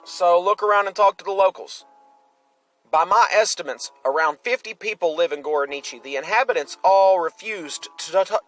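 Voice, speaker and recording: A man's voice: high voice, fairly bright tone. A man casually narrating a story game, reading its lines and adding jokey asides. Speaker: gamer reading a visual novel aloud. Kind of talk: casual let's-play narration. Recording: game music under voice.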